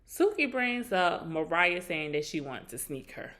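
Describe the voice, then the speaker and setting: A woman casually recapping a reality show reunion, animated and acting out quotes in a higher voice. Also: measured pace.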